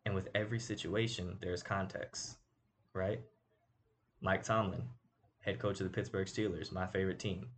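A man's voice: low-pitched, fairly even intonation, normal speed, slight background noise. A man hosting a casual sports commentary show, talking emphatically and tossing rhetorical asides to his audience.

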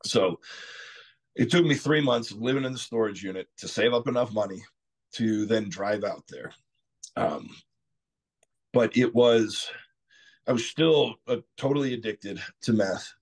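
A middle-aged man from Texas, a podcast guest telling his story candidly, rambling and clearing his throat often. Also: lowish voice, a little slow, long pauses, darkish tone. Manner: frequent "you know" asides.

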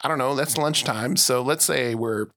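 A woman's voice: rumbling low, moderate pace, a bit bright. A woman co-hosting a casual chat, sarcastic and profane, laughing often. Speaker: podcast co-host.

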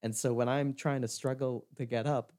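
A man's voice: medium pitch, moderate pace. Laughing young man telling a story. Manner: animated storyteller, acts out quotes, laughs often. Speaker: podcast co-host. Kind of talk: casual chat, telling a story.

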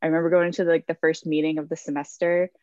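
Soft-spoken young woman on a dull line. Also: low voice, flat delivery, quick pace, no room sound. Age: 20s. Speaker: radio show guest, student. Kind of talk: casual radio interview.

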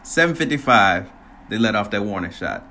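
A man casually telling a personal story, animated, laughing often and swearing freely. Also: fairly low pitch, moderate pace.

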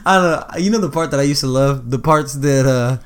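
A man's voice: medium pitch, a little fast, clean tone. A young man chatting on a casual podcast. His talk is loose and full of swearing. He keeps breaking into laughter and acting out movie lines in other voices. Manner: loose and profane, laughs often, acts out movie quotes. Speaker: podcast host.

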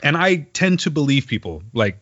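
A man telling a story in casual podcast chat. He is animated, swears, and laughs as he talks. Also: fairly high pitch, moderate pace, dry recording. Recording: dull, lo-fi recording.

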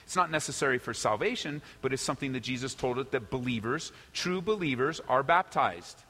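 A middle-aged man preaching a sermon as pastor, emphatic and lively, acting out quoted apologies. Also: mid-range voice, fairly quick, husky, long reverb tail.

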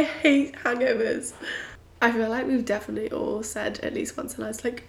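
A young British woman hosting a casual solo podcast, bubbly and chatty with frequent giggles, her voice a little croaky and husky. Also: mid-range voice, steady tone, fast. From Britain. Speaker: podcast host. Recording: roomy echo.

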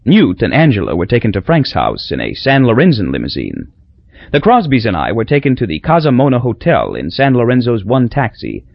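Guy narrating a novel, wry and measured, husky voice that swings all over, dry dull lo-fi sound. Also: mid-range voice, dry recording. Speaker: audiobook narrator. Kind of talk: scripted narration.

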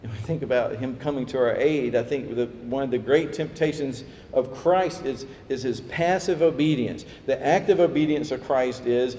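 A man preaching a sermon, lively, acting out quoted voices as he tells the story. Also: medium pitch, moderate pace, hardly any pauses, a little hiss or hum. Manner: animated, acts out quoted voices, chuckles. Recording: echoey hall with faint ambience.

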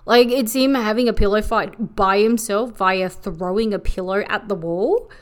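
A woman giving a sarcastic, profane comedic recap of an anime, tossing off quick mocking voices for the characters. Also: mid-range voice. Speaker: anime reviewer.

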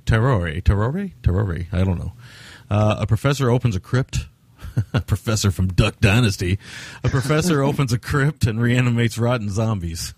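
A man's voice: medium pitch, slightly rough, no echo. A man co-hosting a podcast, rambling through casual film talk with lots of fillers and frequent laughs. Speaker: podcast co-host.

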